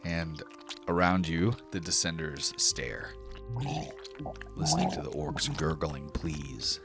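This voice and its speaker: Super deep guy running a dark tabletop game, dramatic narration, soft music under. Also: animated. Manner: dramatic, measured storytelling. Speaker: game master.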